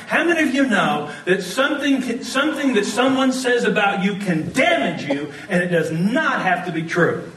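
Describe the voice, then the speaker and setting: A man preaching a sermon, telling stories in an animated way and often laughing as he talks. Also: high voice, moderate pace, hardly any pauses, reverberant, far from the mic, poor audio. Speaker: pastor.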